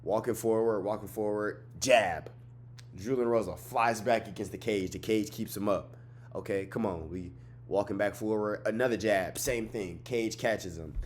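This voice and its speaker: A young man casually breaking down fights, excitable and profane, repeating himself, tired and yawning late at night. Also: on the low side, normal speed, a little hiss or hum. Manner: excitable, swearing, repeats phrases, trash-talks. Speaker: MMA fight recap host.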